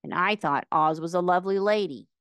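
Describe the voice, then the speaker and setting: A woman's voice: on the low side, fairly quick, a bit bright, clear, resonant tone, no room sound, close to an everyday voice. A woman reading aloud from a storybook, voicing a plaintive, grieved male scarecrow. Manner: wailing, grieved.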